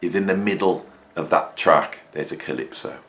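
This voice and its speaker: A middle-aged music YouTuber chats enthusiastically and jokily about his vinyl records at home in a casual vlog. His voice is low and gravelly with a fairly bright tone, delivered at normal speed, and the room gives a roomy echo.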